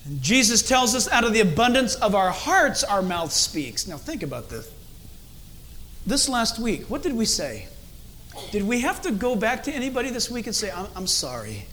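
A middle-aged man preaching a sermon as a pastor, animated and acting out different tones of voice as he speaks. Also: very high-pitched, moderate pace, a little hiss or hum.

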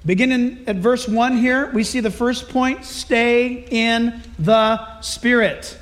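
A male pastor preaching a sermon verse by verse in a lively, humorous, conversational manner. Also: very high-pitched, slow pace.

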